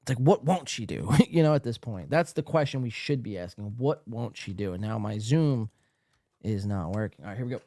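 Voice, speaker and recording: Man, live stream host, mocking and profane, swooping pitch, dry close sound. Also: animated, a little fast, dry recording. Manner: loud, mocking, profane, laughs often. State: tired late at night. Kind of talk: casual live stream commentary.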